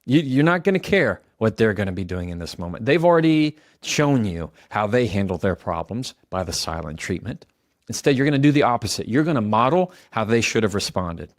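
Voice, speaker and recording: A man's voice: fairly low pitch, very animated, brisk, dry recording, studio quality. A man giving a motivational advice talk, speaking directly and coaching the listener, often repeating example phrases aloud.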